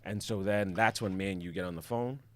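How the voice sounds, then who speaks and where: A man's voice: lowish voice, brisk, fairly bright tone, no room sound. A man on a podcast defending his side of a story in short, casual interjections. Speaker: podcast guest. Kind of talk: casual chat.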